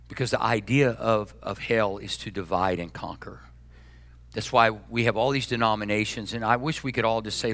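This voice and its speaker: A man preaching a sermon as pastor, folksy and joking, swinging between loud bursts and hushed asides. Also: on the low side, normal speed.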